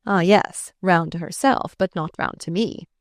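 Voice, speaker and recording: A woman voicing a charming, flustered gentleman who speaks to a child fondly and teasingly but uneasily, in an audiobook. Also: on the low side, unhurried, no echo, clean studio sound, lightly acted.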